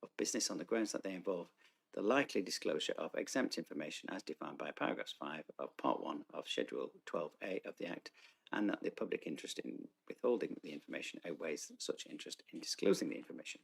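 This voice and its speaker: A man's voice: deep voice, lively intonation, quick pace, creaky, slightly rough. A man chairing a formal council meeting in a meeting room, reading out motions and procedure with frequent ums and hesitations.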